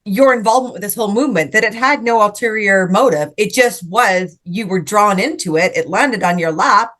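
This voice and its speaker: A woman's voice: medium pitch, fairly quick. A woman hosting a podcast, chatting casually, guiding the talk and praising her guests. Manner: warmly appreciative, guiding the talk. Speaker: podcast host. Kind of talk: casual chat.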